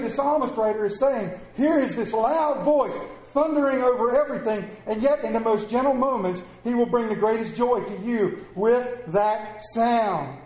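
A man preaching a sermon as pastor, animated and humorous, swinging between loud declarations and hushed quiet moments. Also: high-pitched, echoey room, a little hiss or hum. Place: church.

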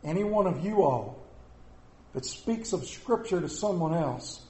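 A middle-aged pastor preaching a sermon in a church, animated and mixing comic asides with scripture. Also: male voice, fairly high pitch, measured pace, roomy sound. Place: church sanctuary.

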